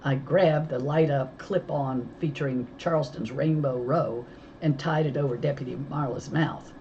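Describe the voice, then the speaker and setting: A woman with a low voice reads a children's novel aloud, telling the story in a lively way. The recording is slightly dull with a faint hiss underneath. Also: normal speed. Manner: lively storytelling, voicing characters. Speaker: audiobook reader.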